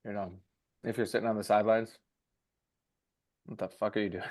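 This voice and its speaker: A man with a somewhat low voice holds forth on a casual podcast. He rambles in a profane, emphatic, motivational way. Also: flat delivery, fairly quick. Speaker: podcast co-host.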